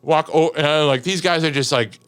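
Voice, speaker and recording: Speaking at an ordinary pace in a slightly high, smooth, fairly bright voice, a man with a Chicago-area accent recounts a story as a firefighter guest in relaxed conversation. Laughter comes frequently, along with plenty of filler words and quotes he acts out.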